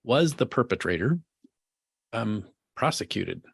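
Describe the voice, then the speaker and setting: A man hosting a podcast interview, speaking in a gentle, supportive and measured way. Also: mid-range voice, very animated, gravelly, breathy edge, no echo, clean studio sound. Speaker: podcast host. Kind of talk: interview conversation.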